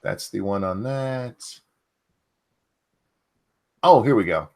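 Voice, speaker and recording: Man, low voice, lively up-and-down delivery, blunt swearing stream host. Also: slow pace, vocal fry. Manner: blunt, swears freely, animated. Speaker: podcast host. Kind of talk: casual livestream news chat.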